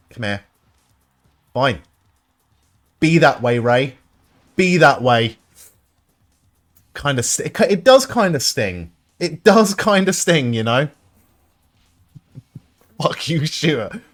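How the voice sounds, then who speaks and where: Young male streamer, live gameplay commentary; swears freely, sarcastic, bouncy and animated in pitch. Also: slow, pauses often, faint music behind. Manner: excitable, swears often, sarcastic asides.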